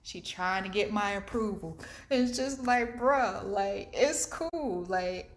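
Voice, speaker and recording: A young adult woman telling a story in a casual vlog while driving home in her car, animated, acting out what people said and laughing often. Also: mid-range voice, slow. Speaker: vlogger.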